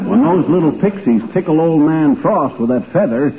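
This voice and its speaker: An actor playing a folksy, blustering small-town husband who spins tall tales, in a 1940s radio comedy. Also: male voice, on the high side, exaggerated voice. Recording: tinny old radio broadcast with faint hiss.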